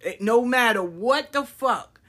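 Blunt, animated woman airing opinions. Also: a little high, measured pace. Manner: blunt, profane, animated storytelling with acted-out quotes. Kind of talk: casual opinion monologue.

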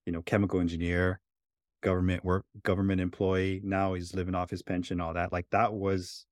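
Low-voiced man telling a story. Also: level tone, brisk, no echo, clean studio sound. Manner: reflective, many fillers like "right?" and "you know". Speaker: podcast co-host. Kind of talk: casual storytelling chat.

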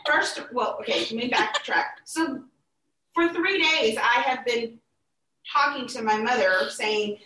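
A woman telling a personal story in casual chat, animated and acting out the people she quotes. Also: on the high side, a little slow. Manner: animated, acts out quoted voices, laughs through tears. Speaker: podcast guest telling a story. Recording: echoey room, mic at a distance.

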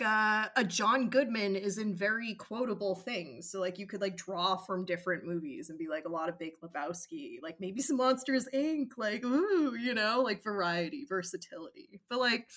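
A podcast guest from Massachusetts, chatting casually with sarcastic humor and many fillers. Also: female voice, medium pitch, expressive, normal speed, a bit bright.

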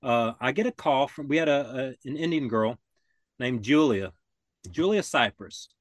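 An older man spins a long yarn in relaxed, easy talk. He circles back on himself, restarts his sentences and acts out the voices of the people in his story. The sound is dry and close. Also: medium pitch, normal speed, no echo. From Florida. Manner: rambling, restarts often, acts out quoted voices. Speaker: podcast guest. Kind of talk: casual storytelling.

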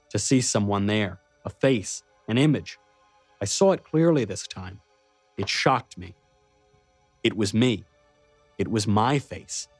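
A man's voice: on the low side, dry recording. Man narrating an audiobook in first person.

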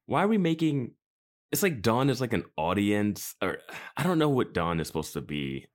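A man co-hosting a podcast, chatting in a rambling, animated way. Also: fairly low pitch, normal speed. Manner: animated, rambling, bursts of laughter. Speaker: podcast co-host. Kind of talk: casual chat.

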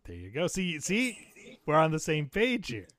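A man's voice: on the high side, unhurried, no echo, clean studio sound. A man hosting a casual podcast, joking and laughing often as he chats with a guest. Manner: jokey, laughs often, lively banter. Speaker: podcast host; teacher.

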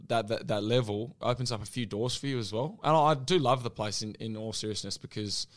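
A young man with a New Zealand accent, chatting easily as a podcast guest and often repeating words as he thinks. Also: lowish voice. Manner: easygoing, quick laughs, repeats words while thinking. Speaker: guest, professional fast bowler. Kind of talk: casual chat.

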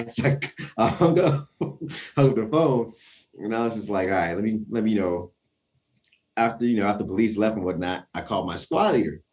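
A young man telling a story in casual conversation, acting out the quoted voices and chuckling often. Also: fairly low pitch.

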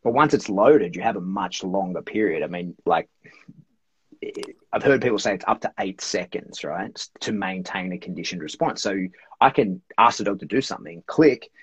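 Guy, deep and kinda husky, chatting about dog training, says like a lot, dry dead room. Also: lively intonation, moderate pace, dry recording. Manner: rambling, fills with "like" and "right?". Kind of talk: casual explanatory interview talk. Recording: dull, lo-fi dry sound.

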